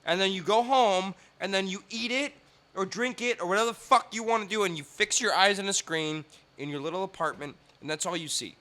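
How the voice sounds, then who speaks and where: A man's voice: high-pitched, brisk, pushed and bright. A young man from Canada, ranting profanely in casual podcast chat and mimicking others in put-on voices. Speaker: podcast guest.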